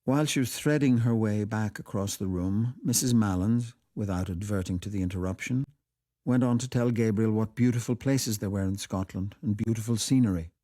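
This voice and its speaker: Brief: man, low, warm timbre, measured radio story reading.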